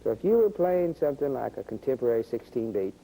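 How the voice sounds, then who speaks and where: Fast and gravelly, with a dark tone and big swings in pitch, a man's mid-range voice leads viewers patiently through programming organ rhythms step by step. The rough recording has faint organ music in the background.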